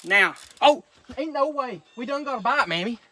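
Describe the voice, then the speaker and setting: A man, vlogging by a pond while fishing, easily excited and gushing when something surprises him. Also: extremely high pitch, moderate pace. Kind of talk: casual outdoor fishing vlog. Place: outdoors by a pond.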